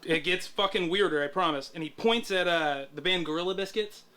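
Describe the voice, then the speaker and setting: A man, a guest tattoo artist, telling stories in a casual, animated way with plenty of swearing. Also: high-pitched, fairly quick. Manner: animated, profane, laid-back. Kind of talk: casual storytelling.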